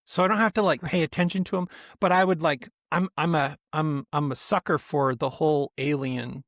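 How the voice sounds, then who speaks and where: A man co-hosts a casual podcast, telling stories in a rambling, animated way full of restarts. His voice sits a bit high. The sound is dry and close. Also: normal speed, no echo. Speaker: podcast co-host. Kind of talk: casual chat.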